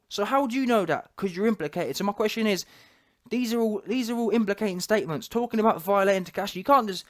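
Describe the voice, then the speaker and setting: A man hosting a commentary channel, talking emphatically and repeating rhetorical questions. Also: high voice.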